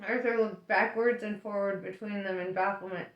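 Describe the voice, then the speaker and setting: A woman reading a novel aloud in a chatty, relaxed way. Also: medium pitch, moderate pace, dull audio. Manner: chatty and relaxed, laughing between lines. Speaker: audiobook reader. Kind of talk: casual audiobook reading. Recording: roomy echo.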